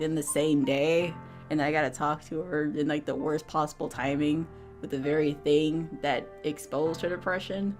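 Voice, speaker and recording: A woman's voice: low-pitched, darkish tone. Emotional woman streamer reacting to a game. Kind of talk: let's play commentary and reading aloud.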